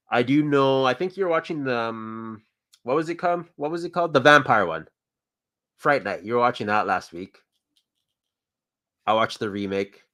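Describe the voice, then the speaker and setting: A man's voice: lowish voice, a bit bright. A man hosting a casual show, chatting about toys and films in an easygoing, rambling way. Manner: easygoing, rambling, thinks aloud. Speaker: podcast host.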